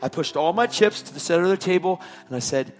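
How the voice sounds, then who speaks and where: A man giving an emotional personal testimony, a dramatic storyteller who drops to hushed tones and then rises to shouting. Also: high voice, lively intonation, fast talker. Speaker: testimony speaker.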